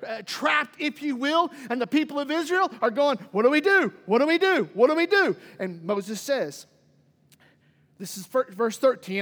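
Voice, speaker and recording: A man's voice: very high-pitched, fairly bright tone. A man preaching a sermon as pastor, speaking with dramatic emphasis and acting out the lines of Bible figures. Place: church sanctuary. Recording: long reverb in a hall.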